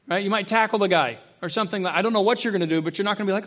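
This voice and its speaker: Speaking rapid-fire into a close handheld or stand mic, a pastor with a high, light voice delivers a sermon. He poses questions to the congregation and acts out quoted voices, his delivery moving between loud, high emphasis and low, quiet intensity.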